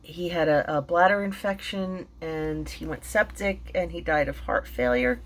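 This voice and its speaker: Middle-aged woman, shaky and teary, lots of ums and restarts, lowish voice. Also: a little hiss or hum. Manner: halting, many fillers and restarts. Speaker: vlogger and mindfulness teacher. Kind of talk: emotional personal storytelling.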